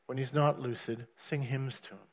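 A man's voice: medium pitch, fairly even intonation, moderate pace, a little mellow. A middle-aged man telling the story of his faith in a casual way, acting out the voices of the people he quotes and chuckling as he goes. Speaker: testimony speaker. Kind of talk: personal faith testimony.

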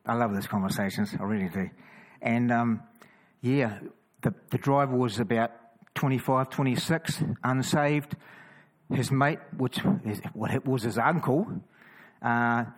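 New Zealand man telling lively road stories. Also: mid-range voice, unhurried, rough recording. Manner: lively, stumbling restarts, chatty asides. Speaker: cross-carrying Christian walker. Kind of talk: casual storytelling testimony.

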